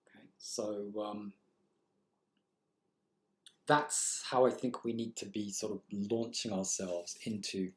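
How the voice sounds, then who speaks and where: A man's voice: fairly low pitch, fairly even intonation, slow, long pauses. A man lecturing on literature, thinking aloud and posing rhetorical questions to his students. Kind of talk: recorded lecture. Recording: echoey room.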